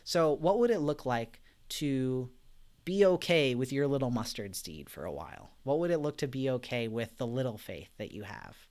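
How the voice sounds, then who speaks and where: Very animated yet gentle and reflective, a medium-pitched man leads a live-streamed Bible study at a normal pace. He keeps things conversational, reads out viewer comments, and often uses fillers and soft laughs.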